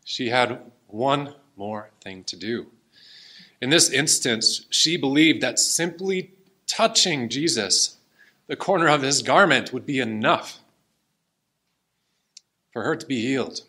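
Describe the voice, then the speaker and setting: A man's voice: mid-range voice, animated, takes it slowly, pauses often, bright, forceful tone. A man preaching a sermon and reading scripture aloud, in an earnest and emotional way. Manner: earnest, emotional, tearing up at times.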